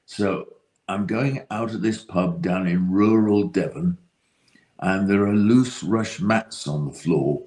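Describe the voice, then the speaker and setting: A man's voice: sits low, takes it slowly, darkish tone. A man with a British accent telling a dry, self-deprecating anecdote as a guest. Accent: British English. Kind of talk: casual anecdote.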